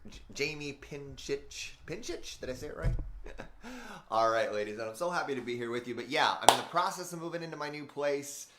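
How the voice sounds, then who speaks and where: A man's voice: medium pitch, animated, fairly quick, very noisy. A man hosting a live motivational stream, chatting loosely and greeting viewers by name. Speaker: host, transformational speaker and coach. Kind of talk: unscripted live-stream talk. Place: room in a new house being made into a studio. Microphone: camera framing, live stream. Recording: echoey, mostly empty room.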